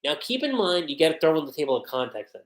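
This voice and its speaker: Casual streamer, mid-pitched, very expressive delivery, recorded in a reverberant room. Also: fast talker. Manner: chatty and animated, with frequent fillers. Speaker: host reviewing a manga chapter. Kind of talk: casual livestream review. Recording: roomy echo.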